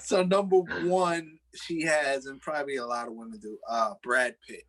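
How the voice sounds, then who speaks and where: A man's voice: mid-range voice, fairly even intonation, moderate pace, fairly bright tone. A man co-hosting a casual podcast, telling a story with quoted asides and frequent laughs. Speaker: podcast co-host. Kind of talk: casual banter.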